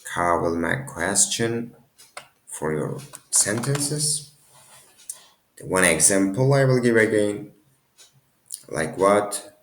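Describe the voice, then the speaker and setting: Slow, gravelly low-voiced male teacher. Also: lively intonation, roomy sound, slight background noise. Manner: halting, many restarts and self-corrections. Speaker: language teacher. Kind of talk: casual language lesson.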